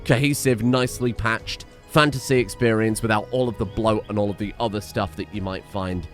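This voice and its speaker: A man hosting a let's play, narrating as he goes with excitable, jokey asides and frequent swearing, his voice strained from shouting. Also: lowish voice, fairly quick, faint music behind. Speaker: gaming channel host.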